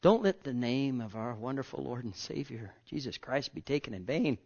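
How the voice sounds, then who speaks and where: A man preaching a sermon as pastor, impassioned, moving from loud outbursts to hushed whispers. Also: mid-range voice, animated, moderate pace, few pauses, highs cut off.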